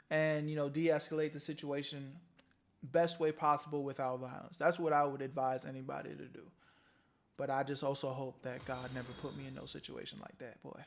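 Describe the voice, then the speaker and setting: Laid-back streamer man, slightly high voice. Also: a bit bright. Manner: laid-back, slangy, talks to his chat. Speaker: streamer reacting to a clip. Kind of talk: casual live-stream reaction.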